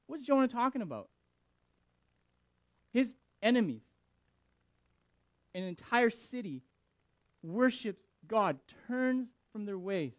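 A male pastor preaching a sermon, animated and emphatic with dramatic pauses. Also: high-pitched, no room sound.

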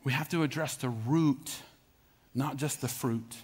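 This middle-aged pastor from the American South delivers his sermon in an unhurried, husky, darkish mid-range voice. He is emphatic and repetitive, and calls out to his congregation.

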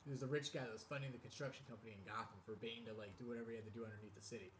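A man's voice: mid-range voice, fairly even intonation, racing, a little hiss or hum. A man casually rambling through a movie review with friends, swearing and restarting his sentences.

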